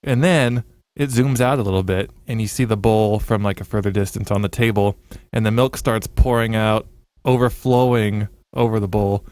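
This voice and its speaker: A man's voice: on the low side, fairly even intonation, normal speed, darkish tone, clean tone, no echo. A man co-hosting a podcast, telling playful comic stories in a casual chat. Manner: jokey storyteller, playful with bits. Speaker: podcast co-host.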